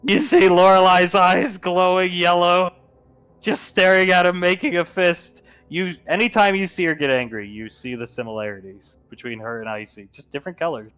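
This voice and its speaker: A man narrating as game master of a tabletop game, animated and laughing as he goes. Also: high voice, moderate pace, smooth, faint music behind.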